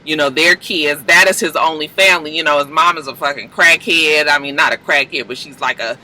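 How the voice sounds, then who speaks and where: A man talks through a TV episode in a loose, slangy, profane way and acts out what the characters say. His voice is very bright and cutting, sitting somewhat high. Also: fairly quick, low-quality recording. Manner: animated storyteller, acts out characters' lines. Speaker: TV recap vlogger. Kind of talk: casual episode recap.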